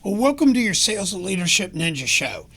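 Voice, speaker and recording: Older male podcast host, gravelly voice, passionate rambling rant, casual. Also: sits high, big pitch swings, fairly quick, fairly bright tone. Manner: passionate, conversational, rambling with fillers.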